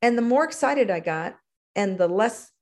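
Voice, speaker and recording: Middle-aged woman telling a lively story. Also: normal speed. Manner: animated, acts out quotes with big pitch jumps. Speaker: guest. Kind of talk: conversational storytelling.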